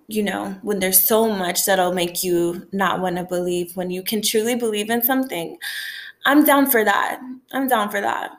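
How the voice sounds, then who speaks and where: A young woman from the American South talking in a profane, rambling, animated way in a casual vlog rant. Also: mid-range voice, roomy sound. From Southern United States. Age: young adult.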